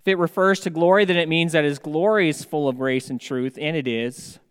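A man preaching a sermon as pastor, slow and measured, with emphatic rises on key words. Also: on the high side, clear, resonant tone. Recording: long hall reverb.

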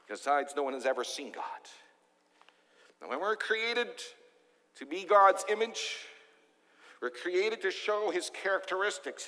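A man delivers a sermon from the pulpit, pressing his points with repeated rhetorical questions. His voice sits high for a man. Long reverb trails behind his words, as in a large church. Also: sharp tone. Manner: emphatic preaching with rhetorical questions. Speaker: pastor.

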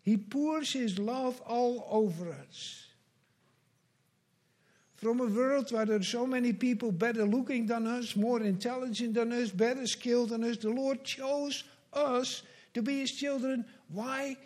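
High-pitched guy preaching, earnest and slow, repeats stuff for emphasis. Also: a little mellow. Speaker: pastor. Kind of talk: sermon.

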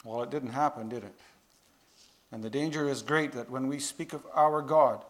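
A man preaching a sermon to a congregation, earnest, building to louder emphasis on key phrases. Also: mid-range voice, normal speed.

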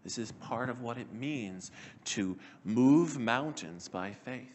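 Measured, earnest male preacher. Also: medium pitch, lively intonation, darkish tone. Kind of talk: sermon.

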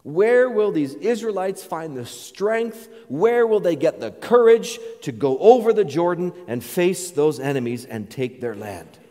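A man's voice: a little high, expressive, a little slow, few pauses, warm tone. A male pastor preaching a sermon, earnest and building to emphatic declarations. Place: church sanctuary. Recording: reverberant church hall.

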